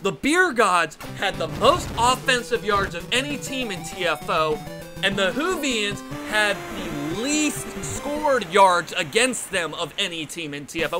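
A man doing jokey, excitable play-by-play commentary on a video game with a friend, breaking into shouts on big plays. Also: sits high, unhurried, music in the background.

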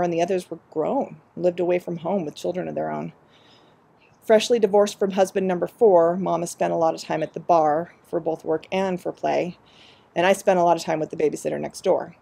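Brief: woman storyteller, measured reflective reading, gravelly low-set voice. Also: warm tone. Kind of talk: reading a personal story aloud.

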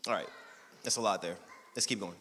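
A man preaching a sermon as pastor, energetic and joking, with bursts of shouting. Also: low voice, fairly quick, slightly rough. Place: church sanctuary. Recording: long hall reverb.

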